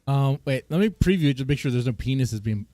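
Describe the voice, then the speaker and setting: Give me a bemused male streamer talking to chat, lively delivery, dry close sound. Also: medium pitch, fast, no echo. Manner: bemused, talks to chat, stammers when surprised. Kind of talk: live-stream reaction chat. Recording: dry close mic with faint guitar music.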